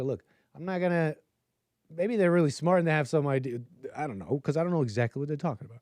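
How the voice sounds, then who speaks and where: A man's voice: on the high side, fast talker, darkish tone, no echo, clean studio sound. A man hosting a livestream, talking through his opinions in a rambling, filler-heavy way. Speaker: livestream host. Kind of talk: casual livestream commentary.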